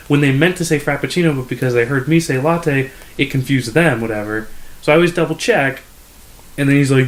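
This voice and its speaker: Fast-talking young man, rambling story. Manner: rambling, lots of "like", acts out customers in higher voices. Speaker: podcast co-host. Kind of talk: casual storytelling chat.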